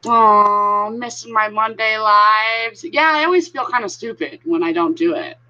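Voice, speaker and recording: A woman with a bright, forceful voice chats her way through a live stream, greeting viewers by name in a friendly, talkative run. The sound is a little dull and lo-fi, as if from a modest home setup. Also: medium pitch, unhurried. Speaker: vlogger hosting a live stream. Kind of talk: casual live-stream chat.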